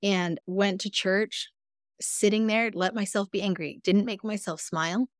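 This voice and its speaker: A woman guest on a podcast, a mindfulness coach, telling personal stories in a candid, earnest way with sudden jumps in pitch. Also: steady tone, a little slow, dry recording, clean studio sound. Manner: earnest, self-reflective. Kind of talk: casual interview conversation.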